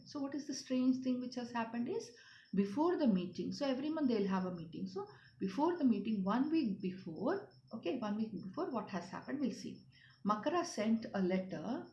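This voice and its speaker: A woman's voice: mid-range voice, darkish tone. A woman teaching schoolchildren, explaining a story, repeating herself and asking them questions. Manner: repetitive, questioning, often asks "children". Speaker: English teacher. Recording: roomy, dull lo-fi sound.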